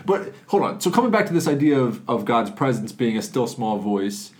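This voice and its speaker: A man's voice: medium pitch, big pitch swings, moderate pace. A man co-hosting a casual podcast about faith, joking and then reflecting, often restarting his sentences. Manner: joking, reflective, self-interrupting. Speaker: podcast co-host.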